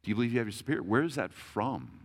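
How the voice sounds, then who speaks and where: A pastor in his thirties preaches a conversational, self-deprecating sermon, cracking jokes and often restarting his sentences. His medium-pitched voice is expressive and quick.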